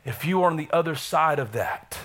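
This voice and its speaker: A middle-aged man preaches in a church with a voice that sits high for a man. His tone is bright and ringing, and he keeps the energy up, calling out to the congregation as he goes. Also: expressive, fairly quick. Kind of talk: sermon. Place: church sanctuary.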